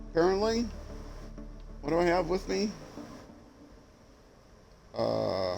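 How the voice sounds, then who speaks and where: A man's voice: mid-range voice, vocal fry. A middle-aged man with a Minnesota accent, tired and rambling through live gameplay commentary, chatty and self-mocking, tripping over his words. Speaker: game streamer.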